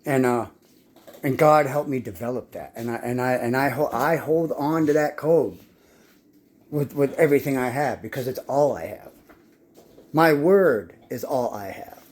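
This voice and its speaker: A man's voice: medium pitch, moderate pace, a little mellow. A man telling his life story in a rambling, casual monologue, swearing constantly and often stumbling and repeating words as he restarts his sentences. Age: adult.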